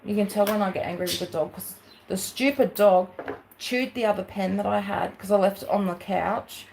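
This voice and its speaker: A woman's voice: mid-range voice, steady tone, fairly quick, vocal fry, a little mellow, slight background noise. A woman with an Australian accent who hosts a crafting livestream and chats casually to viewers, rambling through asides with many fillers.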